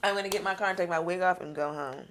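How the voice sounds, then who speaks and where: Young woman co-host, quick delivery, blunt, rambling casual talker. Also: on the low side, fairly bright tone, a little hiss or hum. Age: young adult. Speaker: podcast co-host. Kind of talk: casual chat.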